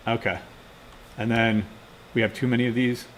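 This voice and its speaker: A man teaching a class narrates his live coding, casually muttering to himself at the keyboard. His medium-pitched voice barely moves in pitch, the pace is moderate, and some faint background noise is present.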